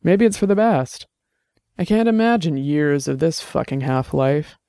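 A man voicing a rapidly aging, gruff old former bruiser who talks bluntly and wryly. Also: a little high, lively intonation, dark tone, no echo, studio quality. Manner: blunt, salty, wry.

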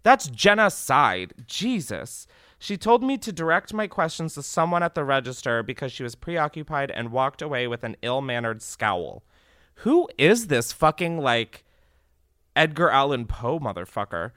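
A young man hosting a comedy podcast, reading reviews aloud with sarcastic, swearing commentary. His pitch leaps around constantly, and his tone is bright and sharp. The sound is dry and close. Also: normal speed, clean tone, no echo. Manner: animated, sarcastic, swearing, laughing often. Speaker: podcast host.

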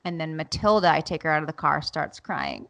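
A woman's voice: low-pitched, quick pace, vocal fry, dry recording. A woman in her thirties, a podcast co-host, chatting casually and acting out her children's voices as she tells stories. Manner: animated storytelling, acts out her kids' voices. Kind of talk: casual chat.

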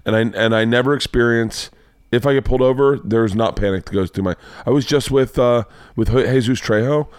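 A man hosting a podcast talks casually and tells stories with gusto, jumping up in pitch when he acts out what others said. His voice sits in a middle range and sounds close and dry. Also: brisk, clean tone, no echo. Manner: animated, acts out quotes in a raised voice, swears. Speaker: podcast host. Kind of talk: casual chat, storytelling. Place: home studio.

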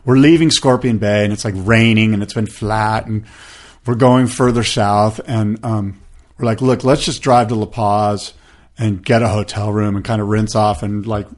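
A man's voice: lowish voice, fairly even intonation, normal speed. A man in his fifties telling a long story as a podcast guest, rambling with lots of fillers and acting out what others said. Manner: rambling, filler-heavy, acts out quoted voices. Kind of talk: casual storytelling interview.

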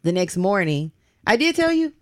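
A woman co-hosting a podcast, telling a story in an animated, blunt, casual way and swearing freely. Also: medium pitch, moderate pace, slight background noise. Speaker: podcast co-host.

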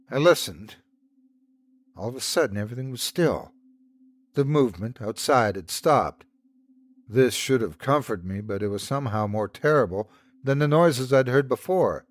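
A male storyteller reads a scary story in a slow, hushed way that builds suspense. His voice sits at a middle pitch for a man. He is the host and narrator of the show. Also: dry recording. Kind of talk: scripted horror story narration.

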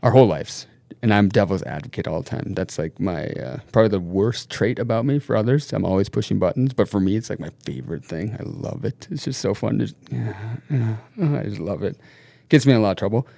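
A man from Norway and the United States, a podcast guest telling stories in casual chat, animated, laughing often and swearing freely. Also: lowish voice, fairly quick, gravelly, no echo.

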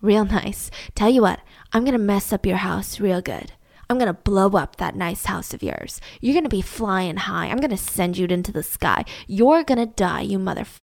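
A woman putting on a sinister male caller who threatens in a low, hushed murmur. The delivery is quiet, slow and menacing, recorded dry and close. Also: lively intonation, gravelly, no room sound.

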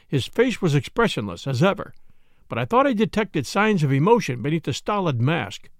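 A man narrates a classic mystery in a measured first-person read. His voice sits a touch high and moves expressively, with a gravelly texture, recorded close and dry. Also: big pitch swings, no echo. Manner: measured storytelling. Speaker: audiobook reader.

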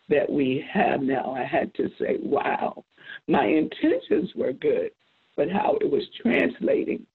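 A woman's voice: deep voice, vocal fry, husky, phone-quality sound. A middle-aged woman coach telling a personal story in an earnest, reflective way, restarting phrases as she thinks. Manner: reflective, earnest, repeats herself while thinking. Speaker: life coach guest. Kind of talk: candid personal storytelling on a panel.

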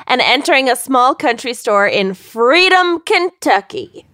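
A woman's voice: high-pitched, sing-song, a little slow, a bit bright, no room sound, studio quality. A woman co-hosting a podcast, telling a true-crime story in a wry, casual way with frequent laughs. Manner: wry, laughs often, playful asides.

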